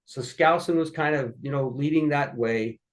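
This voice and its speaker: This podcast guest has a slightly high voice and speaks at a normal pace. He relays family history in a relaxed storytelling way, animatedly imitating the people in his anecdotes.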